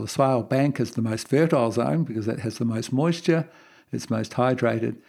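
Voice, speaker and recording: Aussie podcast host guy, mellow dark voice, laid-back storytelling. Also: mid-range voice. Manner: relaxed storytelling, gravelly. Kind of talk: podcast monologue.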